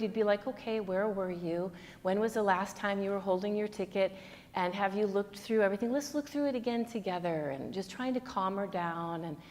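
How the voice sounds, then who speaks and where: A woman's voice: medium pitch, a little hiss or hum. Chatty woman yoga teacher in echoing studio. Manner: chatty, rambling, with many fillers and sound effects. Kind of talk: informal class talk and storytelling.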